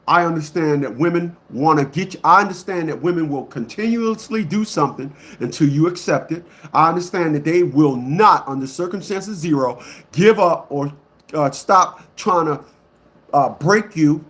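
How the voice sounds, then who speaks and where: Ranting to his online followers, this online commentator, a man with a somewhat high-pitched voice, is blunt, emphatic and keeps repeating the same words. His intonation is lively and his speed normal, with swings between loud outbursts and low mutters.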